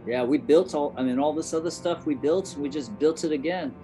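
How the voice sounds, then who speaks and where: A man's voice: fairly high pitch, fairly quick, music in the background, low-quality recording. Laid-back man chatting at the game table. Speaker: player.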